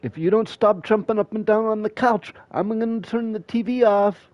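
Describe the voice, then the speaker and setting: A man mimicking a shrill young mother who keeps repeating empty threats in a whiny voice. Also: steady tone, normal speed, no room sound, dull audio, close to an everyday voice. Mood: nagging. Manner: whiny, repetitive.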